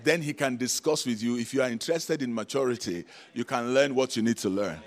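A man delivers a lively sermon, throwing rhetorical questions at the congregation and prompting responses. He laughs often between his points. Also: mid-range voice, a little fast. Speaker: preacher.

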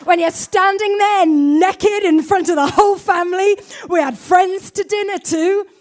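High-voiced woman preaching with animated storytelling. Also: a little slow. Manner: animated storytelling, self-mocking. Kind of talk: sermon.

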